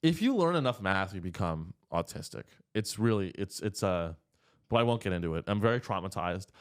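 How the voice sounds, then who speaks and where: In a studio, a thirtysomething podcast host rambles through crude, jokey, casual comedy, his pitch swinging all over the place. He talks briskly with lively intonation and a clear, resonant tone.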